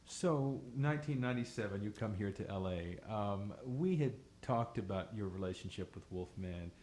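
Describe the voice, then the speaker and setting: A man interviewing a veteran radio DJ for an oral history, asking measured questions. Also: on the low side, animated, a little mellow, a little hiss or hum.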